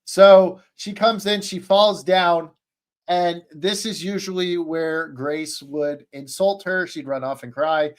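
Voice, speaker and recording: Man, slightly high-pitched, rambling, excitable, fillers, streaming-call podcast. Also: slow pace. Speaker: podcast panelist. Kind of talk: casual chat, recapping an anime.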